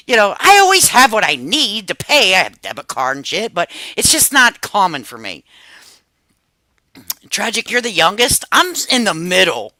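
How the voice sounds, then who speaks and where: Bright, lively woman streamer in her fifties. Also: mid-range voice, moderate pace, no room sound, rough recording. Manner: profane, laughing storyteller. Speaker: livestream host. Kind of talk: casual livestream chat.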